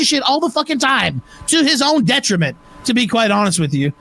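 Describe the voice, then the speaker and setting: A man hosting a livestream show, ranting angrily with heavy profanity and shouting at times. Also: extremely high pitch, big pitch swings, brisk, few pauses, no room sound. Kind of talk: heated livestream rant.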